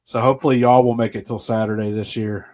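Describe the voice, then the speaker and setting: A man's voice: on the low side, quick pace. A man hosting a casual podcast chat, telling stories with lots of swearing and acting out what others said. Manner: animated, profane storyteller who acts out voices.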